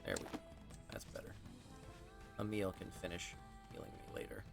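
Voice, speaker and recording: A man's voice: deep voice, vocal fry, over loud music. A man streaming a video game, chatting casually and laughing at himself. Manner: animated, quick to laugh at himself. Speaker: streamer and voice actor. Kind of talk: casual gameplay chat.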